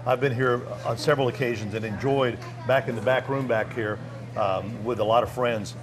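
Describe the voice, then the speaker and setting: A man's voice: medium pitch, fairly even intonation, normal speed, crowd noise. A man hosting a local TV food segment, chatting friendly and easily with a restaurant owner as he walks through her restaurant and kitchen. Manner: friendly, chatty, lots of mm-hmms. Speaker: TV segment host. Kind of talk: local TV feature interview. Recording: TV field recording with background noise.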